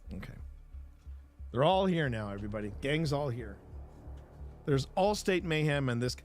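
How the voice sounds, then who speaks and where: A man's voice: medium pitch, expressive, moderate pace, faint music behind. A man hosting a live stream, chatting casually and rambling with his viewers. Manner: rambling, self-interrupting, playful banter with chat.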